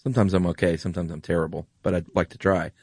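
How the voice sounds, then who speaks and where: A man's voice: low-pitched, level tone, very fast, darkish tone, husky, no echo, clean studio sound. A man with a General American accent co-hosting a podcast in casual chat, gushing with enthusiasm and repeating himself. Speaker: podcast co-host.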